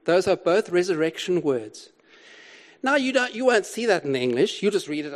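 Brisk and expressive, an older man with a higher-pitched voice preaches on a Bible passage. He stresses his message through repeated key words and rhetorical questions.

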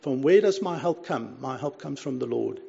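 A man's voice: medium pitch, expressive, normal speed, vocal fry, dark tone, slightly rough. A man preaching a sermon in an earnest, conversational way, often saying "you see" and reading scripture aloud. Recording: dull lo-fi recording.

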